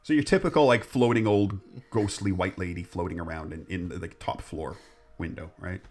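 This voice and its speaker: A man's voice: low voice, normal speed, darkish tone. A man hosting a podcast, telling a ghost story in a rambling, jokey way. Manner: rambling, jokey, restarts often. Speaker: podcast host. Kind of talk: casual storytelling chat.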